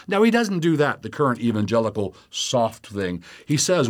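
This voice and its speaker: Animated man teaching from scripture. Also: medium pitch, normal speed, hardly any pauses. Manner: animated, rises sharply when quoting taunts; reads scripture aloud, explaining verse by verse. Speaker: pastor. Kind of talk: Bible teaching, answering listener questions.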